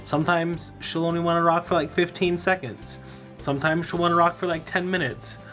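A man's voice: a little high, flat delivery, fairly quick, bright, forceful tone, soft background music. A young man vlogging at home, talking casually to his viewers about his evening with family. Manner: chatty, talks straight to camera, playful with dog and baby. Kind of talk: casual vlog chat. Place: home, indoors.

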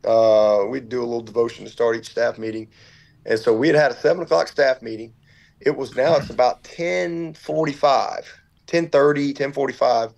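A man's voice: medium pitch, fairly even intonation, moderate pace, vocal fry, a little mellow, highs cut off. A middle-aged man, a football coach telling his story as a guest, earnest and tumbling, acting out what others said to him. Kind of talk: storytelling in an interview.

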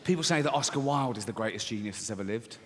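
A man's voice: medium pitch, animated, fast talker, fairly bright tone, a little hiss or hum. Sardonic man doing stand-up. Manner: sardonic, mocking, acts out little scenes. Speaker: stand-up comedian. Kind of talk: stand-up routine. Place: large venue with audience. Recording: live hall recording with reverb.

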